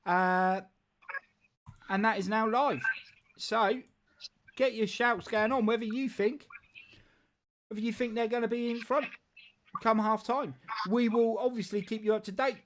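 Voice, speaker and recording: A man's voice: high-pitched, steady tone, unhurried, long pauses, noisy background. A man hosting a casual football live stream, rambling and jokey with frequent restarts. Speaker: football show host.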